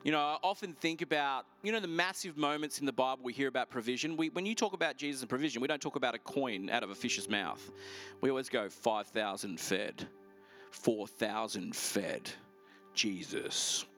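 A middle-aged man preaching a sermon, telling stories in a lively, animated way. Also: mid-range voice, soft background music. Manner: lively, animated storytelling with quick asides. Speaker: pastor. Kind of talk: storytelling sermon.

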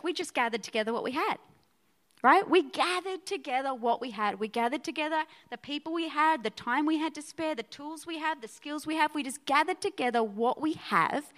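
Woman pastor giving a sermon, high voice, chatty energetic preaching. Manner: energetic, conversational preaching with frequent "right?". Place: church auditorium.

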